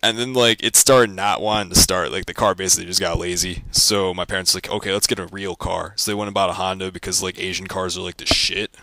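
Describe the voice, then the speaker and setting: A young man ranting casually about his life as a vlogger, rambling with lots of fillers and deadpan jokes. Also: low voice, fast, gravelly, few pauses.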